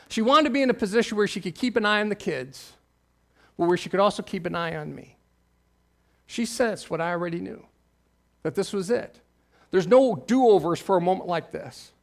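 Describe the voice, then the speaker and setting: An Ohio pastor in his forties relates a personal story in his sermon at a moderate pace, his voice a bit creaky. It falls low and intimate, then swells once he is stirred.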